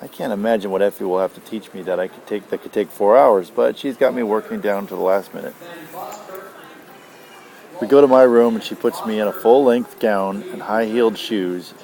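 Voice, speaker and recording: A father reading a novel aloud to his child, gentle and unhurried. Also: on the low side. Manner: gentle, unhurried, tender asides.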